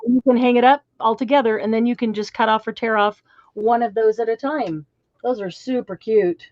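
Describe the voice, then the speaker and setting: A woman hosts a relaxed crafting stream, talking in a slightly high voice as she works. She wanders in and out of half-sung tune snippets. The sound is dry and a touch muffled. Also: moderate pace, dry recording. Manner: chatty, hums and half-sings a nursery tune. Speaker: craft show host. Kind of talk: casual chat while crafting.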